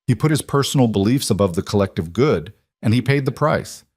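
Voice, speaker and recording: A man voicing a cold, controlled male mafia boss who speaks quietly and with menace. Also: on the low side, expressive, brisk, slightly rough, no room sound, studio quality. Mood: menacing. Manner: quiet and deadly.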